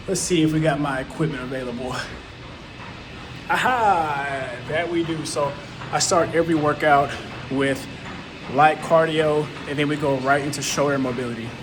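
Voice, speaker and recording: With a slightly high voice, a man vlogs about his workout in a chatty, easygoing, unscripted way, thinking out loud as he goes. No proper microphone is used, only the camera's built-in mic, so the background comes through noisy.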